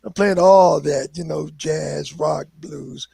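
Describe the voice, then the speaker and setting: An older man from Philadelphia, a guest musician telling animated stories in casual conversation. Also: on the high side, slow, creaky, breathy edge, dry recording. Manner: animated, acts out quoted voices. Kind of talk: casual storytelling.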